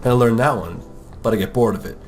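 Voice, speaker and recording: A young American man in a loose, rambling art talk, cracking jokes and putting on silly voices for the people he quotes. His voice sits at an ordinary middle pitch, and faint music plays underneath. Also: fast talker. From United States. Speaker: art podcast host. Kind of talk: casual talk while drawing.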